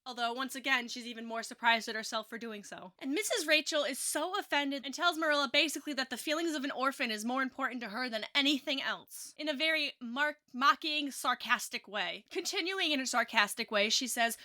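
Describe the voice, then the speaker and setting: A woman's voice: high voice, brisk, hardly any pauses, sharp tone. A woman giving casual, musing commentary on a novel, reading passages and correcting herself as she goes. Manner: chatty, musing, self-correcting. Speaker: book reviewer.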